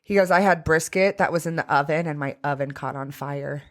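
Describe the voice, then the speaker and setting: A young woman co-hosting a podcast, telling a dating story in a candid, profane, animated way. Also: sits low, brisk. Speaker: podcast co-host. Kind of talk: casual chat, storytelling.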